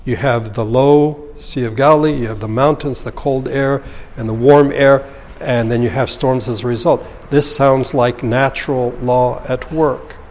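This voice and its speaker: A man's voice: medium pitch, steady tone, a little slow, darkish tone, long reverb tail. A man preaching a sermon as a pastor, earnest and explanatory, often asking rhetorical questions.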